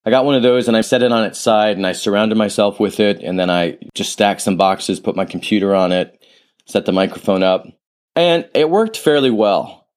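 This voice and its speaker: A man's voice: lowish voice, normal speed. A man hosting a solo podcast, talking in a reflective, rambling way, drifting into tangents and restarting his sentences. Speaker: podcast host and author. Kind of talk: casual solo podcast monologue. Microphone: podcast studio microphone.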